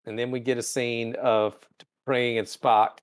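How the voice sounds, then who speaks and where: A man's voice: medium pitch, little pitch movement, a little slow, clean tone. Irreverent man recapping episodes. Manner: irreverent, profane, acts out characters' lines. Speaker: podcast host. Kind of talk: casual comedic episode recap.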